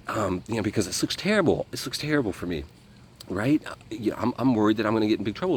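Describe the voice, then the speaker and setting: A man telling a story as an interview guest, animated, acting out what people said and swearing freely. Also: on the low side, fast talker, slight background noise. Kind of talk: casual storytelling.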